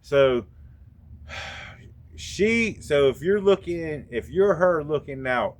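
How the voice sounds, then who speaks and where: A man's voice: on the high side, slow pace, a little hiss or hum. Laid-back, profane man telling a story. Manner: profane, laid-back, animated when retelling. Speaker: podcast host. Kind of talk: casual storytelling.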